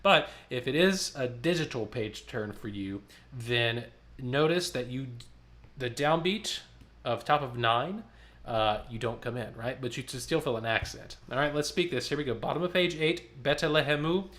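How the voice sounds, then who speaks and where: A man's voice: mid-range voice, animated, moderate pace, a bit bright. A man leading an online choir rehearsal, counting beats, speaking syllables aloud and singing lines for the singers to copy. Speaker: choir director.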